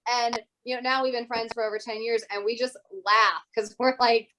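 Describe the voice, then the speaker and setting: A woman teacher speaks as an interview guest, her voice sitting a little high. She tells stories in an animated way and slips into the voices of the people she is quoting. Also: normal speed, a little hiss or hum, poor audio. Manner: animated storyteller who acts out other people's voices. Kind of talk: casual interview conversation.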